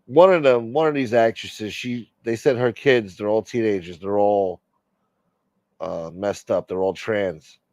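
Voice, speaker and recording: Brief: rambling, profane male stream host, low voice, dry close sound. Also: unhurried, a little mellow, no room sound. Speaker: livestream host. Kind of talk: casual live-stream chat.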